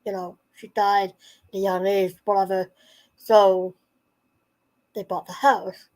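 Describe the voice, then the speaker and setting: A woman's voice: medium pitch, flat delivery, slow pace, a little mellow, poor audio. A woman in her forties telling a personal story in a casual, rambling way, full of fillers and restarts. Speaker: channel host.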